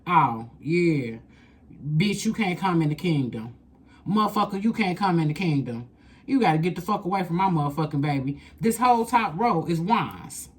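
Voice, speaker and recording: A woman's voice: on the low side, animated, normal speed. A woman doing a casual tarot reading, blunt and profane, repeating lines for emphasis. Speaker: tarot reader.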